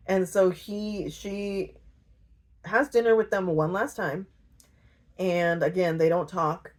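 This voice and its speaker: Slow, slangy woman retelling a book. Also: medium pitch, darkish tone. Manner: slangy, joking, acts out characters in quick voices. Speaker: book retelling video host. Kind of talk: casual comedic story retelling.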